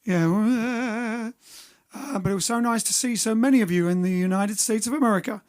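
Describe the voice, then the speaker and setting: A man's voice: sits high, brisk, darkish tone. A man hosting his band's livestream in a cheerful, rambling, self-mocking way. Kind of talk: casual livestream chat.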